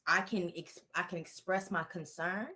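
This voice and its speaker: A woman's voice: fairly low pitch, fairly even intonation, moderate pace, sharp tone, a little hiss or hum. A woman relationship therapist answering interview questions in an earnest, encouraging, direct way.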